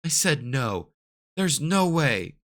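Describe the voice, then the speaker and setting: A man voicing a gentle young mother who is willing to sacrifice herself, speaking softly and apologetically. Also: fairly high pitch, big pitch swings, takes it slowly, pitched above the performer's own voice. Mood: sorrowful. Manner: soft and apologetic.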